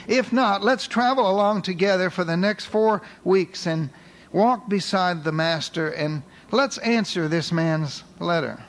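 A man's voice: high voice, a little hiss or hum. A man preaching a sermon in an earnest way, putting questions to his listeners.

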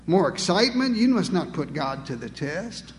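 A preacher voicing a calm, firm Jesus. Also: male voice, high voice, moderate pace, big-room sound, a little hiss or hum. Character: calm, firm male Jesus resisting temptation.

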